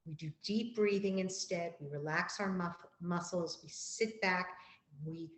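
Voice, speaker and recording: A woman school counselor giving a calm, gentle, explanatory presentation to parents, repeating key phrases. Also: on the low side, a little slow, reverberant, poor audio.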